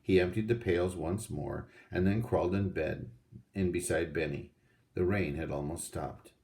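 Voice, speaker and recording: A man reading a children's storybook aloud in a steady, unhurried way. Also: sits low, vocal fry. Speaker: audiobook reader.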